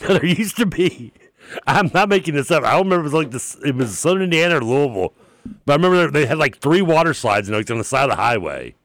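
A man's voice: fairly high pitch, big pitch swings, fast, fairly bright tone, no room sound. A man co-hosting a radio show in casual banter, rambling through memories and often laughing. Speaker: sports radio co-host. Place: radio studio.

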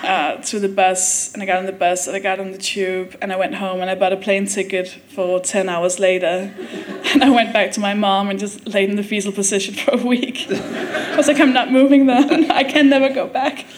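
This Danish woman speaks at a medium pitch with a flat delivery, and there's slight background noise. As a comedian guest on a live podcast recorded in a theatre, she tells a funny story, laughing often, adding quick asides and acting out what people said, with audience laughter behind her.

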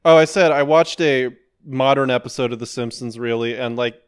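A man's voice: mid-range voice, moderate pace, smooth, no echo, clean studio sound. A man co-hosting a comedy podcast, joking, agreeable and often laughing in casual banter. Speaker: podcast co-host, debater.

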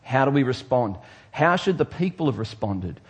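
Husky guy preaching a sermon, gets quiet then loud, really emphatic. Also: medium pitch, big pitch swings, normal speed. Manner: emphatic preaching, swings between soft and loud. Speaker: pastor.

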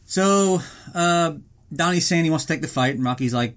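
A man's voice: a little high, normal speed, a bit bright. Rambling, profane male podcast host. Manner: rambling, profane, jokes about himself in the third person. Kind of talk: casual film recap commentary.

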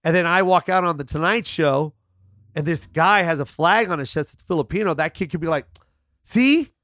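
A man telling animated, swearing stories as a guest in a casual podcast chat. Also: fairly high pitch, fairly quick, no room sound, studio quality. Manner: animated storyteller, swearing freely.

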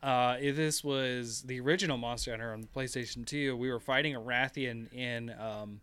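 A man rambles through gaming anecdotes on a podcast, with plenty of fillers and restarts. His voice is bright and forceful, at a middle pitch. The recording is dry and close, with no room sound. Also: steady tone, normal speed, clear, resonant tone, no echo. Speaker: podcast co-host. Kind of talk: casual gaming chat.

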